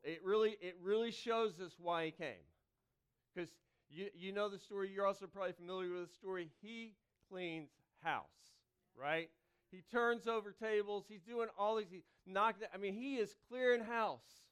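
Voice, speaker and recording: A man preaching to his congregation, with dynamic delivery that swings from loud calls to hushed pleas and a conversational tone full of asides. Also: sits high, smooth. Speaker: pastor. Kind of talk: sermon. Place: church sanctuary.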